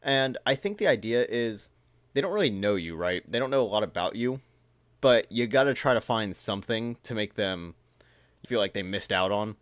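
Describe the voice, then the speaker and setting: A man's voice: lowish voice, expressive, normal speed, dry recording. A man reading texts aloud and commenting on them in a casual, amused reaction video.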